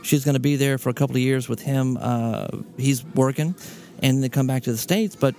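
A man's voice: mid-range voice, normal speed, vocal fry, darkish tone. Easygoing male podcast host from Louisiana. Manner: easygoing, laughing, trailing off with "uh". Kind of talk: casual chat.

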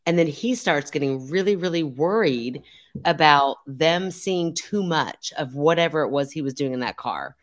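A woman co-hosting a podcast in casual chat, animated and joking, with blunt asides. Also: sits low, moderate pace.

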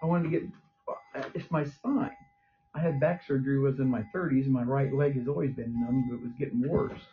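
A man's voice: medium pitch, fairly even intonation, brisk. An older man, short of breath, talking as a patient in a hospital room, rambling and plain-spoken with frequent swearing. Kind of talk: casual conversation. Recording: dull lo-fi recording with faint noise.

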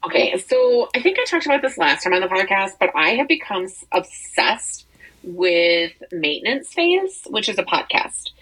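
Husky-voiced woman co-hosting a chatty podcast. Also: medium pitch, sing-song, normal speed, a bit bright, poor audio. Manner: rambling, many fillers and restarts. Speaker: podcast co-host. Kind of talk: casual chat about entertainment news.

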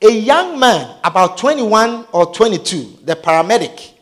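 A man telling a dramatic personal testimony, his delivery swinging between hushed and shouted. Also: high-pitched, very animated, normal speed.

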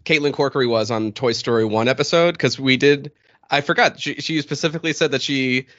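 A man talks in a loose, rambling way. His tone is bright and forceful. The recording sounds a little dull and lo-fi. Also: medium pitch, a little fast. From Boston area, New England. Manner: rambling, many fillers and restarts. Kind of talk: casual chat.

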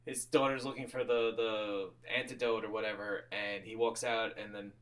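A man's voice: lowish voice, normal speed. A man co-hosting a podcast, chatting casually about a movie, swearing freely and acting out lines with laughs. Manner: animated, swears freely, acts out quotes with laughs. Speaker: podcast co-host.

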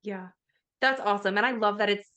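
Woman podcast host, mid-pitched voice, excited and casual, slangy. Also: a little fast. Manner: enthusiastic, uses casual slang. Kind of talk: casual chat.

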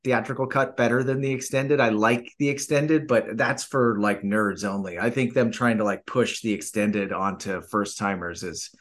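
A man's voice: on the low side, steady tone, normal speed, hardly any pauses. Man in casual film discussion. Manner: thoughtful, searching for words. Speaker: podcast guest.

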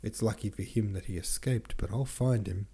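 A man voicing a stern, scolding older woman with a rough voice in an audiobook. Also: fairly low pitch, normal speed, dark tone.

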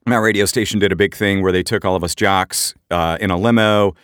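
A middle-aged man co-hosting a podcast, telling animated anecdotes in casual chat and jumping up in pitch for quoted voices. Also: a little fast, no echo, clean studio sound. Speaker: podcast co-host.

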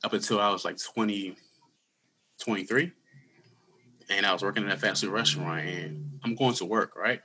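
A man in his thirties telling his personal story in an interview, earnest and candid, with halting restarts. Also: lowish voice, fairly even intonation, pushed and bright, slight background noise. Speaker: guest; school security worker.

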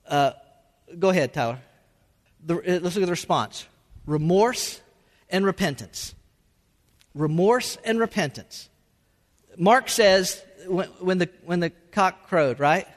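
High-voiced preacher in an echoing hall. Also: male voice, expressive, measured pace, long pauses. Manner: emphatic, repeats words, Southern-style y'all. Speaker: pastor. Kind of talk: sermon.

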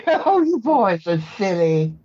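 Casting: fretful old auntie, dotes and frets, a man playing her high and swooping. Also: sing-song, slow, a little mellow, husky, dull audio, exaggerated voice. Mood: fussing. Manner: fretting, exclaiming, calls others dear. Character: fussy, motherly elderly aunt.

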